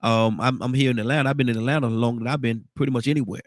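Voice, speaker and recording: A man's voice: medium pitch, steady tone, very fast, no room sound. A man hosting a casual morning talk show, congested and rambling, often repeating words. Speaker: radio talk show host.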